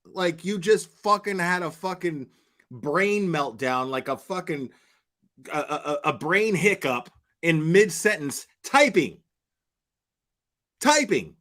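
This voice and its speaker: A man's voice: high voice, fairly bright tone. A man hosting a stream, reacting to clips with sarcastic, profane commentary. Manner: sarcastic, mocking, swears a lot.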